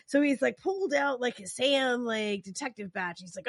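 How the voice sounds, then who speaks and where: A woman's voice: high-pitched, lively intonation, a little slow, hardly any pauses, dry recording, studio quality. A middle-aged woman co-hosting a podcast, rambling chattily while recapping a TV episode. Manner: chatty, rambling, lots of fillers. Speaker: podcast co-host. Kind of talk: casual chat recapping a TV episode.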